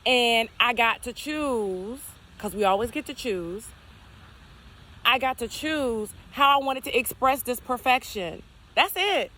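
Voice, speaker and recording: Higher-voiced woman musing outdoors. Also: animated, measured pace, bright, forceful tone. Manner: repetitive affirming, rhetorical what-if questions. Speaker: spiritual content creator. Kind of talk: casual spiritual talk to camera. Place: outdoors, near geese and trees.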